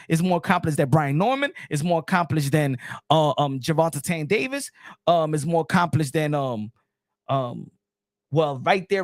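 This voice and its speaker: A man hosting a casual boxing live stream, talking in long, rambling, animated runs and often asking "you know what I'm saying". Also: on the high side, no room sound, studio quality. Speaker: boxing channel host.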